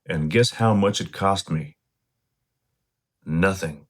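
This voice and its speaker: A man talking casually to camera, explaining slang in a relaxed, direct way to his viewers. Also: low-pitched, takes it slowly. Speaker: vlogger teaching slang.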